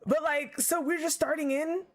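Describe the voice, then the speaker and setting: A woman streaming a game playthrough, chatting excitedly and reading the game text aloud. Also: sits high, normal speed. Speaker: gaming streamer. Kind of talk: live game playthrough commentary.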